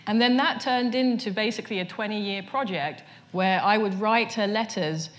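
A woman's voice: mid-range voice, moderate pace. Woman, casual onstage storytelling, frequent fillers and restarts, before a live audience. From England. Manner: storytelling, many "you know" fillers and restarts. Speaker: artist, interview guest.

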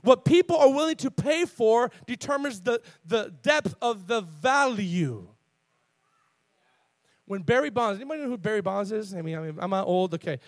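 A man preaching a sermon in a church, fervent and building to loud, emphatic call-outs, often repeating and restarting his words. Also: high voice, lively intonation, normal speed, no room sound. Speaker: pastor. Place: church sanctuary with congregation.

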